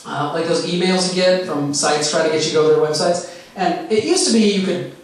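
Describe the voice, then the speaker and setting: High-pitched guy doing standup, wry storyteller, super echoey club mic from far. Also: fairly quick. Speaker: stand-up comedian. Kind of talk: stand-up comedy set. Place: comedy club stage.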